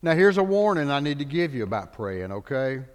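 Animated preacher in a reverberant hall. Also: male voice, medium pitch, brisk, clean tone. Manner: dramatic preacher, voices the people in the stories. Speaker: pastor. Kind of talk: sermon.

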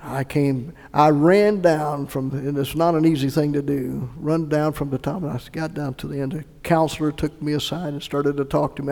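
A middle-aged man preaching a sermon and telling his own conversion story, earnest and moving between hushed recollection and emphatic appeals. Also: a little high, fairly even intonation, normal speed, gravelly, hardly any pauses. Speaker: pastor. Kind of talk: sermon with personal testimony. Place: church sanctuary. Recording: echoey hall reverb.

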